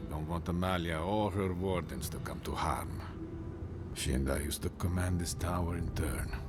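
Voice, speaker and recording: An actor playing a weary male warden captain bound by his oath, speaking solemnly and measuredly, trailing into near-whispers. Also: sits low.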